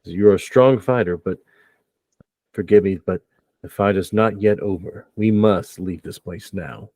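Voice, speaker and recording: A man voicing a grave, solemn male mentor in a tabletop game, in deep formal tones. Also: measured pace, darkish tone, dry recording.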